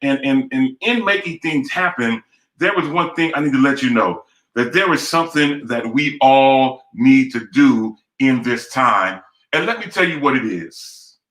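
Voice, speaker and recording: A man's voice: medium pitch, expressive, a little slow, a bit bright, roomy sound, low-quality recording. Emphatic preacher-style male host. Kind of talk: live online talk show.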